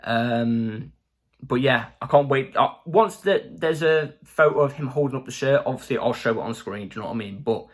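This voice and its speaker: A man talking in a casual, chatty fan vlog as the channel host, excitable and full of fillers. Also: medium pitch, moderate pace.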